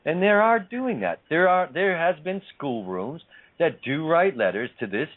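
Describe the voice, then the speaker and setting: A man's voice: on the high side, expressive, moderate pace. A man hosting a casual spiritual talk show, speaking emphatically and repeating his phrases for effect. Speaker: host. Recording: tinny phone-line sound.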